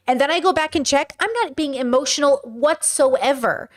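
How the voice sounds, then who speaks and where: A high-pitched woman talks straight to her viewers in loose, casual commentary. She is chatty and blunt and swears without a second thought. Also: animated, brisk. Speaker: podcast host reacting to a clip. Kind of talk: casual commentary, reading chat.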